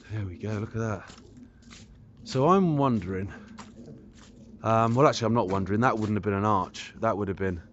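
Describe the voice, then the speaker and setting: A man's voice: lowish voice, lo-fi sound, a little hiss or hum. A man hosting a walking vlog, thinking aloud about old railway features as he walks an old trackbed outdoors. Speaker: vlog host. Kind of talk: casual walking commentary.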